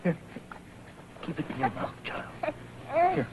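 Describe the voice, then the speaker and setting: A woman's voice: rumbling low, measured pace. An actress in a 1980s TV soap opera, pleading and cooing at a baby while she tries to phone. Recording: old TV broadcast, muffled with hiss.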